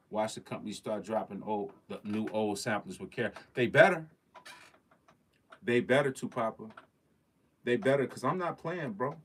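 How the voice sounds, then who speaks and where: A man's voice: on the low side, a bit bright. A man hosting a casual livestream. He talks in slang, stresses his points, repeats phrases and speaks straight to his viewers. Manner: slangy, emphatic, repeats phrases, addresses the chat directly. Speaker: livestream host.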